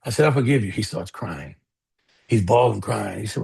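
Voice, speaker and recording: Gravelly man telling a story. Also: medium pitch, quick pace. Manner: animated storyteller, acts out voices, addresses audience as y'all. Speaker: keynote speaker. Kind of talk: storytelling keynote talk.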